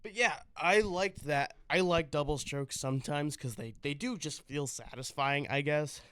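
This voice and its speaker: Rambling man with a smooth voice. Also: fairly high pitch, moderate pace, sharp tone, no echo. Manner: rambling and thinking aloud, with self-deprecating asides. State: out of breath between playing. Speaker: drummer vlogging his practice. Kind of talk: casual practice vlog chat.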